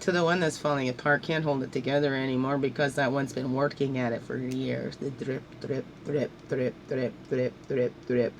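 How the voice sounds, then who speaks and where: A woman's voice: very deep voice, steady tone, moderate pace, hardly any pauses, background noise. A woman talking through her feelings in an emotional, rambling monologue, at times crying and repeating her words as her voice rises. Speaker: spiritual guidance vlogger.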